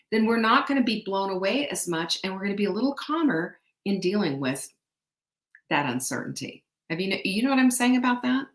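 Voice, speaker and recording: A woman's voice: medium pitch, lively intonation, brisk. A middle-aged woman hosting a motivational talk, chatty and often putting questions to her audience. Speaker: host. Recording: echoey room.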